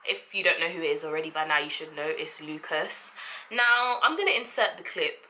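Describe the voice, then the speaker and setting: A young woman, chatting casually to camera as a vlogger, sassy and expressive with quick asides. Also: low voice, heavy background noise.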